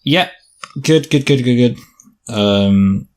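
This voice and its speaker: A man's voice: medium pitch, extremely slow. A man co-hosting a casual film review chat, thinking aloud and rambling with many fillers and restarts.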